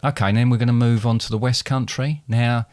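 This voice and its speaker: A man's voice: mid-range voice, fairly even intonation, fast, a little mellow, no echo, studio quality. A middle-aged man from Britain, co-hosting a podcast with his son in playful, teasing banter. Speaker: podcast co-host, father. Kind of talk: joking banter.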